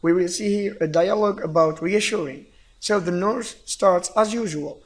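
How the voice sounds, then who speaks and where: A man's voice: high voice, normal speed. A man with an Algerian accent giving a recorded English lecture, explaining step by step and reading example phrases aloud. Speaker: English teacher.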